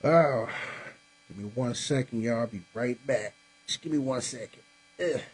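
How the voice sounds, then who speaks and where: Speaking at a measured pace in a mid-range voice with a breathy edge, this man chats casually with viewers on a live podcast from home beside a Christmas tree. He's tired and yawning after a long day, laid-back and direct, using "y'all," on a rough recording.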